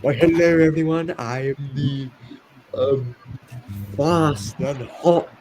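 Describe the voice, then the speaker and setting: A man's voice: on the high side, slow pace, music in the background, voice pushed up, low-quality recording. A man voicing a proud, pompous male British engine, announcing himself grandly. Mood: grandiose.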